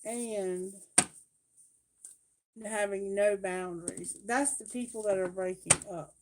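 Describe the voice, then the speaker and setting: A woman doing a live tarot reading, talking bluntly and emphatically, swearing freely and asking Spirit questions out loud. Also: mid-range voice, fairly even intonation, slow, noisy background. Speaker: tarot reader.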